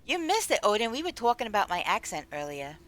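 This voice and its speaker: A woman's voice: medium pitch, very animated, fast, fairly bright tone, soft background music. A woman streaming a game, chatting casually and rambling as she answers her chat. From United States. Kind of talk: casual live-stream chat while gaming.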